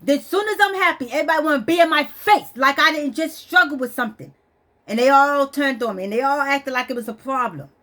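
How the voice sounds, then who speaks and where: High-voiced woman venting in frustration. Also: fast talker, bright, forceful tone. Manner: frustrated, blunt, swearing. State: stressed and weepy. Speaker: vlogger. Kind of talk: emotional personal vent.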